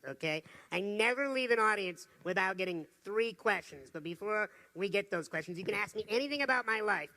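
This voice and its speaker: Brief: male motivational speaker on stage, lively storyteller, gravelly bright voice. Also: high voice. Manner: energetic, humorous storytelling. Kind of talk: motivational talk to a live audience. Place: stage before an audience.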